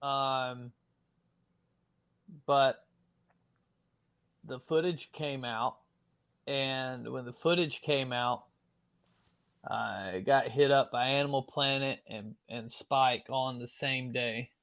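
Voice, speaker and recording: Podcast guest: Southern US man from Florida, mid-pitched, loose and animated storyteller with filler words. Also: slow, long pauses. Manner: animated, with frequent fillers and swearing. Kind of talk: casual storytelling.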